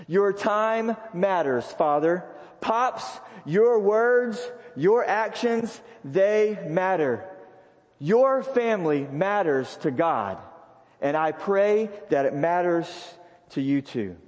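The pastor is a man with a high voice and lively intonation who preaches unhurriedly, repeating key lines for emphasis. It seems recorded live in a large sanctuary with a balcony, giving a long reverb and lo-fi quality.

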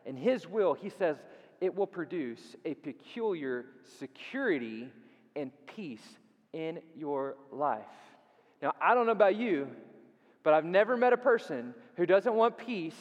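High-voiced man preaching in a reverberant church. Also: lo-fi sound. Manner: dynamic preaching that swings from loud and quick to hushed, drawn-out emphasis; repeats phrases for emphasis and asks the audience questions. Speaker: pastor. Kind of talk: sermon. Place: church sanctuary. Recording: long reverb in a church hall.

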